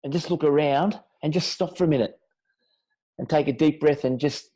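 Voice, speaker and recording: A man with an Australian accent talks as a podcast guest in a slightly high voice. He is laid-back and earnest, and his chat rambles with "mate" in every other line. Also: normal speed, warm tone, low-quality recording. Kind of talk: casual chat.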